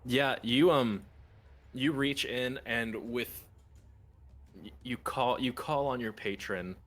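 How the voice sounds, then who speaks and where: A game master runs a tabletop game, narrating haltingly with lots of fillers. His voice is mid-range and fairly bright.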